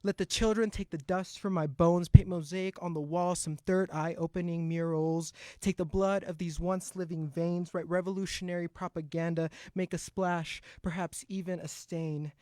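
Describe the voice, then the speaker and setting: A man's voice: high-pitched, fairly even intonation, moderate pace, hardly any pauses, warm tone, dry recording. A man performing an impassioned, rhythmic spoken word poem at a live open mic, into a stage mic. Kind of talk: spoken word poetry recital.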